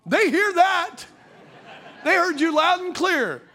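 A man with a strikingly high voice delivers a humorous sermon. He keeps it conversational and playful, using folksy slang and repeatedly calling on his listeners to agree with him. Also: expressive, a little slow, bright, forceful tone. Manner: playful, calls out to the audience for agreement.

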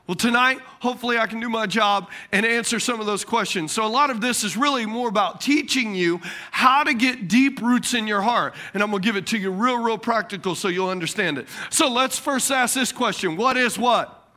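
A pastor with a very high-pitched voice preaches at a moderate pace, animated as he asks his congregation questions. He repeats key words and swings from loud bursts to quiet lines.

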